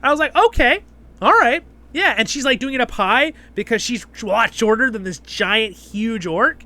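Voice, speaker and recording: Bright high-voiced man rambling through a review. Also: animated, normal speed. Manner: chatty, rambling, filler-heavy with frequent "right?" checks. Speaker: host and show reviewer. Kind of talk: casual spoken review.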